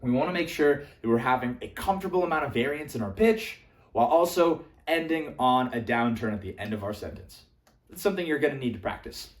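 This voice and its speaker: A man's voice: a little fast, reverberant. A young man coaching social skills, teaching to camera and acting out voice examples. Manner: lively, demonstrates voices with big jumps in pitch and volume.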